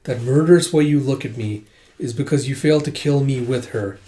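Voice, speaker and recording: A man reading a manga aloud, voicing a calm, resolute young princess who speaks earnestly. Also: mid-range voice, fairly quick, close to an everyday voice.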